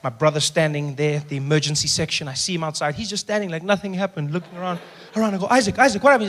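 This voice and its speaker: A man in his thirties from South Africa telling a stand-up story on stage, acting out every character with sudden loud outbursts. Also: on the high side, racing, a little hiss or hum. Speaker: stand-up comedian. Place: theater stage before a live audience.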